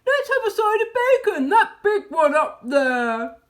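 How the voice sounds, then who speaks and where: Storybook badger, loud and giddy, voiced by a woman, high and swooping. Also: very animated, unhurried, exaggerated voice. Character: hungry, excitable adult badger.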